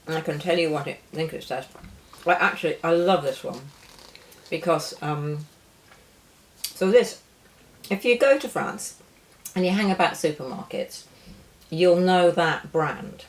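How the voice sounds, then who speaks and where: A woman's voice: deep voice, a little slow, long pauses, slight background noise. A woman, chatting casually and rambling through a chocolate tasting while stumbling over French labels. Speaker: perfumer and co-host.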